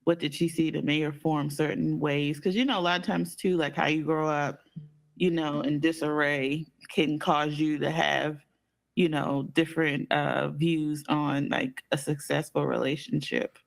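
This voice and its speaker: A man's voice: fairly high pitch, level tone, unhurried, gravelly. A man co-hosting a podcast in casual chat, telling stories and acting out the people in them. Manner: storytelling, acts out quoted people. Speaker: podcast co-host.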